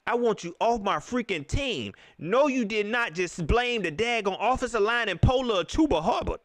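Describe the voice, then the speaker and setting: Animated ranting man. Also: high-pitched, moderate pace, no room sound, studio quality. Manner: animated, repetitive ranting in casual slang. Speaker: livestream host. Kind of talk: post-game sports reaction livestream.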